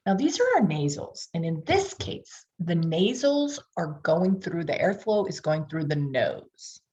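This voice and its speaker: Reading specialist, woman, Pittsburgh accent, lowish voice, demonstrating sounds for tutors. Dull lo-fi audio. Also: very animated, unhurried, dark tone. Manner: demonstrates sounds, coaches the audience to repeat. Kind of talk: tutor training lecture. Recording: dull lo-fi online session audio.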